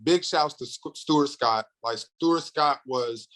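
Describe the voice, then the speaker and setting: A comedian from North Carolina, a man in his thirties, telling a story in a casual interview with lively, animated delivery that acts out the other people's lines. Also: medium pitch, poor audio. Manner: animated storyteller, acts out quotes, fast bursts. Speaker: comedian and radio host, podcast guest.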